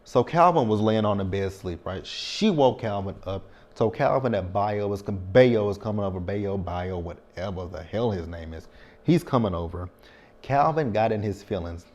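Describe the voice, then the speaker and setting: Chatty low-voiced man recapping a show. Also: lively intonation, moderate pace, a little mellow. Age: 30s. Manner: chatty, frank, frequent tag questions. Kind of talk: casual TV recap vlog.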